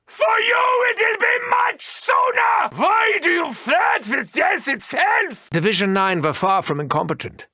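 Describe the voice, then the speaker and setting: An actor playing an unhinged, cruel male mad scientist doctor in a video game, with gleeful, theatrical, mocking delivery and a gravelly edge. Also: very high voice, wildly swooping pitch, a little slow, pushed and bright, dry recording, clean studio sound, heavily acted. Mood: gleeful menace.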